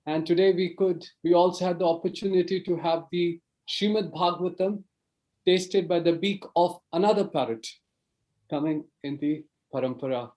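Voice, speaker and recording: A man's voice: sits high, normal speed, a little mellow, rough recording. A man hosting a program, graciously thanking the speaker and repeating his thanks. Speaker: program host. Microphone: video call mic.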